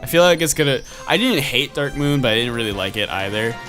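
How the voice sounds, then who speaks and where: A man's voice: mid-range voice, expressive, quick pace, music in the background. A man hosting a casual let's-play chat, rambling with lots of fillers and laughing easily. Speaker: host, gameplay commentator.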